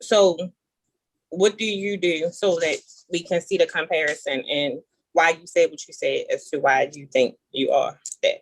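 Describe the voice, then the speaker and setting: A woman hosting a casual talk show, animated and playful, reading definitions aloud and teasing her guests. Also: sits low, moderate pace. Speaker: show host. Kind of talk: casual chat.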